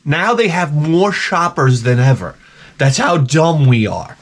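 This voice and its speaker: A man's voice: fairly high pitch, unhurried. A middle-aged man ranting at home in a casual, profane, sarcastic vlog, telling stories with lots of swearing. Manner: profane, sarcastic, animated storytelling. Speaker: vlogger. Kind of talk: casual rant to camera.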